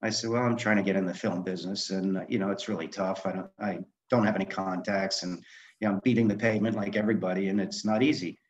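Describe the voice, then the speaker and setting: Older guy, low voice, spinning film-set stories, acts out the quotes, dull lo-fi audio. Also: quick pace. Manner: animated anecdotes, acting out quoted dialogue. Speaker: guest, author and film director. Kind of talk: storytelling in a podcast interview. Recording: dull lo-fi sound.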